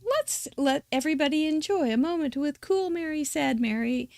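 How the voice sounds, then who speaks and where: A woman's voice: high voice, animated, normal speed, vocal fry, darkish tone, no echo, clean studio sound. A woman hosting a live crafting show, chatting casually, teasing her guest and laughing often. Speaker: host. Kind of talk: casual live-stream chat.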